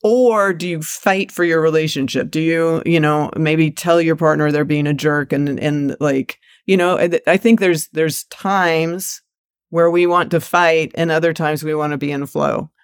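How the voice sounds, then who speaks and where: A woman hosting a podcast, talking in a relaxed, conversational way and thinking aloud through examples as she steers the topic. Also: low-pitched, measured pace, clean tone, dry recording, clean studio sound.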